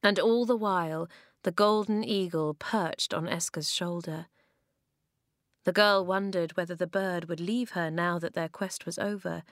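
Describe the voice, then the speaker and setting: A woman reading a children's novel aloud, expressive, voicing the dialogue with big leaps in pitch and loudness. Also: measured pace, no room sound, studio quality. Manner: expressive, acts out dialogue with sharp jumps in pitch and volume. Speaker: narrator.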